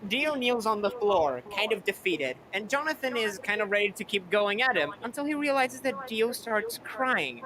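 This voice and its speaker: A woman with a mid-range voice walks through an anime plot step by step in casual fan chat. Clear background chatter runs under her voice. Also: mid-range voice, lively intonation, normal speed, poor audio. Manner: detailed, eager plot recap. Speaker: co-host.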